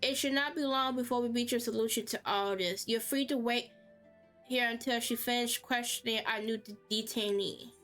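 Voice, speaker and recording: A woman voicing a stern male army commander in a measured, commanding tone. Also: a little high, fairly even intonation, a bit bright, faint music behind, natural voice.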